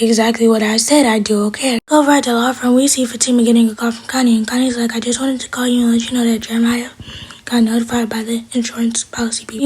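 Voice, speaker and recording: A woman's voice: a little high, darkish tone, husky. A woman casually recapping a TV episode, retelling the scenes through paraphrased quotes in a half-whispered delivery. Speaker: TV recap vlogger.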